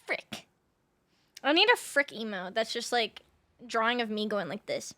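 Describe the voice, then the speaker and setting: A woman's voice: fairly high pitch, sing-song, unhurried, sharp tone, no room sound. A young woman streaming a game, chatting casually and laughing often, swearing freely and filling her talk with "like," on a close mic. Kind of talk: casual chat while gaming live.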